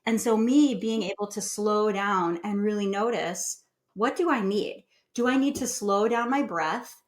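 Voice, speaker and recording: A woman wellness expert, a guest on a podcast, explaining and guiding in a calm, soothing way. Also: medium pitch, unhurried. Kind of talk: casual conversational interview.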